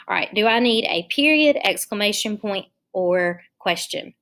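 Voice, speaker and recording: A woman teaching young children in an online lesson, dictating sentences slowly and spelling words out letter by letter. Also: mid-range voice, expressive, fairly bright tone.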